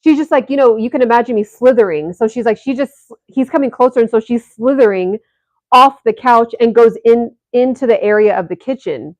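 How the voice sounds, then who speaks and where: A woman's voice: a little high, brisk, a little mellow, dry recording, lo-fi sound. A woman vlogger telling a story to her viewers in a casual, rambling way, full of fillers and restarts.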